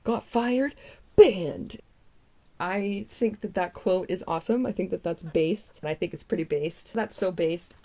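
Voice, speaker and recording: Mocking young woman, lower voice. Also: a little slow, dark tone. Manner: mocking, profane, laughs often. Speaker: online commentator. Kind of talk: casual reaction commentary.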